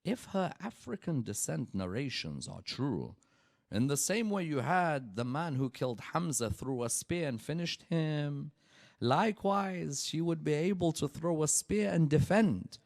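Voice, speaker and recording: Animated, dramatic male preacher. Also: a little high, unhurried, creaky. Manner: dramatic storytelling, swings from hushed to loud. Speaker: preacher at a religious gathering. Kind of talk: sermon.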